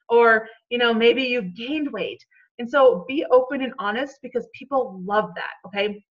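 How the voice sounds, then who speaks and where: Woman coach on a team call, kinda high voice, chatty and upbeat, says okay a lot, muffled lo-fi sound. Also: lively intonation, normal speed, a bit bright. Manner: chatty, encouraging, frequent "okay?" check-ins.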